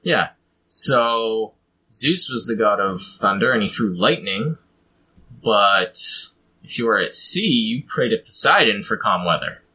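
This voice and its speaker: A man's voice: fairly low pitch, animated, unhurried, bright, forceful tone, husky, low-quality recording. A man in casual chat, explaining how to build a fantasy pantheon, rambling with frequent ums. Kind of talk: casual chat about tabletop game design.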